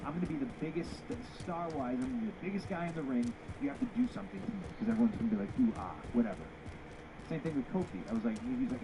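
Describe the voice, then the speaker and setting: A former pro wrestler, appearing as an interview guest, tells candid stories of his wrestling days at a very fast clip, full of profanity. His somewhat high voice climbs whenever he animatedly acts out old arguments and quoted dialogue, and the podcast audio runs beneath loud, relentless game gunfire and battlefield noise.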